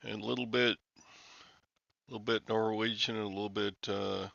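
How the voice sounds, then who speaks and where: A man's voice: lowish voice, steady tone, moderate pace, vocal fry, fairly bright tone, dry recording. An older man, hosting a rambling, casual livestream chat with viewers and often chuckling and sighing. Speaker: livestream host. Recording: dull lo-fi, dry sound.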